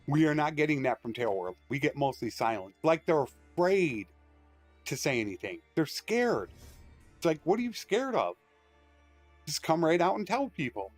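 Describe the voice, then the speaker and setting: A man streaming a strategy game, talking viewers through menus and then going off on long opinionated rants. His voice sits a little high for a man. The sound is dry and close, with faint background music. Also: no room sound. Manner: opinionated, ranting, rambling asides. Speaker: gaming streamer. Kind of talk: casual live-stream commentary.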